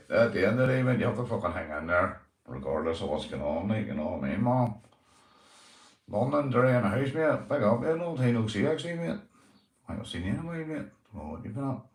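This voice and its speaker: A man's voice: mid-range voice, roomy sound. A young man with a Northern Irish accent, hosting a casual livestream, greeting viewers and swearing freely, calling everyone mate. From Northern Ireland. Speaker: livestream host.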